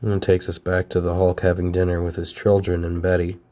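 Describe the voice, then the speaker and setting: Deep-voiced male comic reviewer, casual and plainspoken. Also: monotone, fairly quick, mellow.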